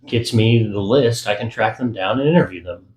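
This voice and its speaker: A man voicing a determined, quick-tempered young woman in an audiobook, pressing everyone urgently. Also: on the low side, darkish tone, roomy sound, natural voice, low-quality recording. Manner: urgent and insistent. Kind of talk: audiobook character voice.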